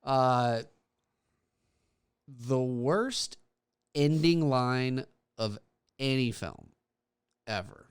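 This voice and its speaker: Casting: young male podcast co-host, smooth resonant voice, easygoing and agreeable. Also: mid-range voice, animated, drawn-out words, long pauses. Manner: agreeable, laughs at his own jokes. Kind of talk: casual chat.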